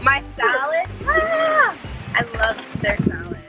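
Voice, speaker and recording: A woman's voice: fairly high pitch, lively intonation, normal speed, pushed and bright, rough recording. Bubbly woman vlogger eating outdoors. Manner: bubbly, chatty. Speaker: mukbang vlogger host. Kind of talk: casual chat while eating. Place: outdoors beside a restaurant with waterfalls. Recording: music playing under the voice.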